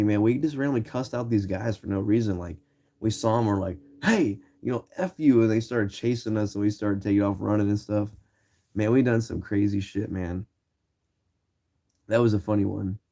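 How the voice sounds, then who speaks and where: A young man from Ohio, a streamer telling loose, profane stories to his viewers in casual chat and acting out shouted lines. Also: lowish voice. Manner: loose, swearing, acts out quoted shouts. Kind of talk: casual storytelling.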